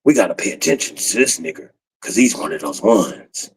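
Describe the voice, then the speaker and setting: A man's voice: fairly low pitch, very animated, fairly quick, husky, distant mic, pitched below the performer's own voice, heavily acted. A man voicing wary young men who mutter warnings about a threat.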